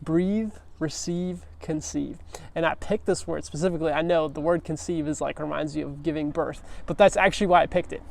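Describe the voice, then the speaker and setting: A man's voice: a little high, fairly even intonation, brisk, creaky, a little mellow, slight background noise. A man giving a casual, earnest sermon, talking conversationally with frequent restarts.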